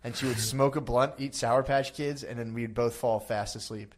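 A man's voice: mid-range voice, fairly even intonation, normal speed. A man in his thirties telling rambling, crude stories in casual podcast chat, swearing a lot.

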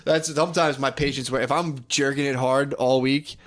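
A man's voice: medium pitch, steady tone, moderate pace. A young man co-hosting a podcast, rambling through crude stories with frequent laughs and restarts. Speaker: podcast co-host. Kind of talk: crude casual banter.

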